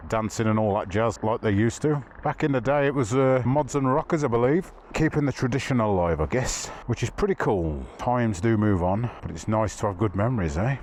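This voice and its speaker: A man riding a motorbike on rough trails, chatting to himself and the camera in a casual, self-mocking way. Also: mid-range voice, lively intonation, a little fast, few pauses, darkish tone. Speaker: motorcycle vlogger. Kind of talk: casual running commentary while riding. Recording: outdoor wind and engine noise.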